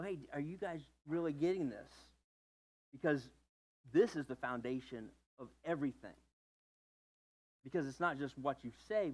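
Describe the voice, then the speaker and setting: Male pastor, playful conversational sermon, high voice. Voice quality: playful, joking asides, fillers.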